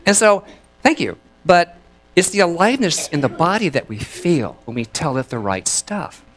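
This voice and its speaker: A man preaching a sermon as minister, chatty and lively, laughing between thoughts and leading his congregation in repeating lines. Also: a little high, moderate pace. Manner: leads the congregation in call and response.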